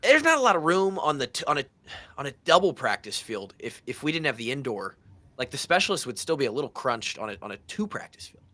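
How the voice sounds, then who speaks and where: A man in his thirties hosting a podcast, telling a story in a casual, animated way and acting out the voices of the people in it. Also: mid-range voice, quick pace. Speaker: podcast host.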